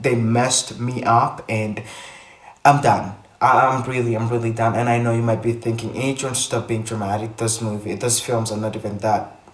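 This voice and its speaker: A man vlogging to the camera in casual chat, rambling and repeating himself with animated bursts. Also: mid-range voice. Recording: echoey room, a bit far from mic.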